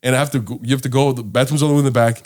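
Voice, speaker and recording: A man co-hosting a casual podcast, telling stories with lively acted-out quotes and plenty of swearing. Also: medium pitch, racing. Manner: animated storyteller, acts out quotes, swears freely. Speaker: podcast co-host. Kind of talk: casual chat.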